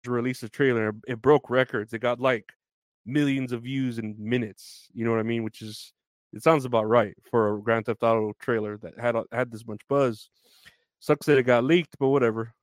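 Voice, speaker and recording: A man's voice: mid-range voice, dry recording. A man hosting a casual solo podcast, rambling loosely with many fillers and frequent laughs. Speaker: podcast host.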